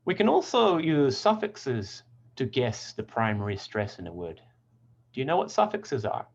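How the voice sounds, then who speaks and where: A man teaching English pronunciation, speaking in clear, deliberate tones and carefully sounding out example words. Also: mid-range voice, sing-song, lo-fi sound. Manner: clear, deliberate word demonstrations. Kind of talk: scripted lesson narration.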